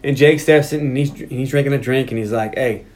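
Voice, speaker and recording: A man's voice: medium pitch, fast. A man hosting a podcast, recapping a film's plot in casual chat and jumping into the characters' lines as he goes. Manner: animated, acts out characters' lines while recapping. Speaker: podcast host.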